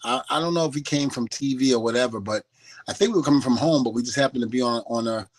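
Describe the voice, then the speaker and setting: A man's voice: medium pitch, fast talker. A man from New York, a guest on an interview show, telling a story and acting out the other people's voices in it. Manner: animated storyteller who acts out the voices of the people in his story. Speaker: guest, former wrestler.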